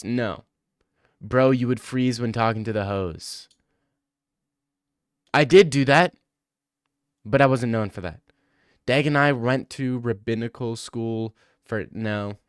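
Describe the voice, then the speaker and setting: Smooth-voiced joking young man streamer. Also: lowish voice, no room sound, clean studio sound. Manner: joking, teasing, bantering with chat. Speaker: streamer reading chat. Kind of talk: casual livestream chat.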